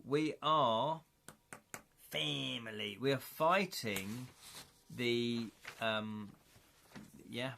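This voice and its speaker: A man's voice: medium pitch, creaky, bright, forceful tone. A man chatting casually on a live stream as he plays through a gamebook, thinking aloud and correcting himself as he counts up dice rolls.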